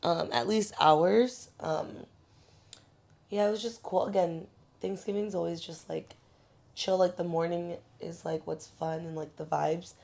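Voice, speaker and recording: Low-voiced young woman, chatty podcast host. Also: creaky. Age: young adult. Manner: relaxed, chatty, drawn-out speech with fillers. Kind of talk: casual chat.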